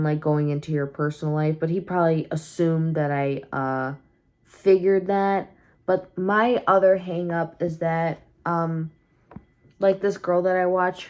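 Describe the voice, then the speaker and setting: A tired young woman vlogging casually from home at night, rambling candidly with many fillers and restarts. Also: on the low side. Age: young adult. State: tired and sleepy. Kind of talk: casual confessional vlog.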